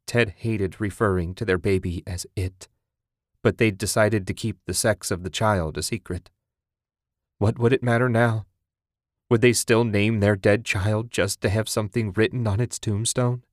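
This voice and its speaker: A man reading a dark short story aloud in a grave, measured way. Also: fairly low pitch, steady tone, no echo, studio quality. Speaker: narrator. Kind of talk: scripted dark story narration.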